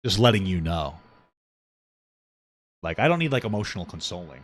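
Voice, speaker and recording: A man's voice: low voice, sing-song, normal speed. A man co-hosting a podcast, talking casually and in a rambling, reflective way about something that moved him. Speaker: podcast co-host. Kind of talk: casual chat.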